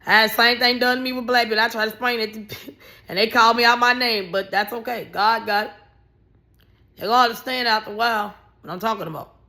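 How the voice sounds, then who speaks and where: A woman rants in a casual commentary, blunt and animated. She swears freely and her voice jumps up in sudden bursts. Her tone is bright and cutting, pitched a little high. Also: fast. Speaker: vlogger.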